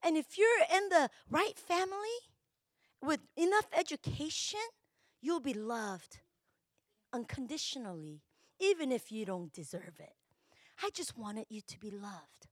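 Woman preacher voicing a gentle patient God, hushed, reassuring, quiet and dry. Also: very high voice, moderate pace, no echo. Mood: tender.

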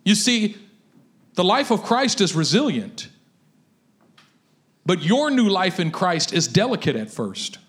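A man preaching a sermon, animated and telling vivid stories to his congregation. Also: sits high, measured pace, long pauses. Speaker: pastor.

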